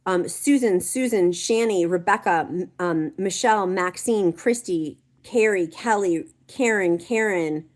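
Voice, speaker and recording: A woman's voice: mid-range voice, unhurried, few pauses. A woman hosting a live stream, chatting and reading viewer comments aloud in an encouraging way. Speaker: livestream host. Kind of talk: casual livestream chat.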